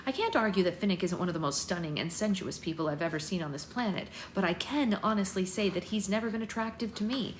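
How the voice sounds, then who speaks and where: A woman hosting a book club, reading a novel aloud at home in a measured, expressive storytelling manner. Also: medium pitch. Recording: echoey room with background noise.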